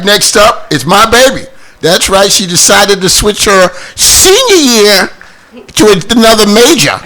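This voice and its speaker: High, bright-voiced man hosting loudly. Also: unhurried. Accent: Boston. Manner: loud, animated, jokey. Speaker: host. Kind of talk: casual talk show hosting.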